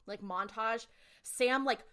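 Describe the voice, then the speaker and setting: A woman's voice: on the high side, takes it slowly, fairly bright tone, clear, resonant tone. A woman podcast co-host casually recapping a TV episode, chatty and full of "like" fillers.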